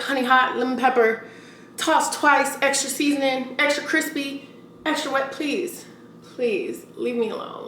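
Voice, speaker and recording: A woman's voice: fairly high pitch, roomy sound, distant mic, a little hiss or hum. A woman in her twenties talking casually and expressively to her viewers in a vlog. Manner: chatty and expressive, talks straight to viewers as "y'all". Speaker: vlogger. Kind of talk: casual vlog chat to camera.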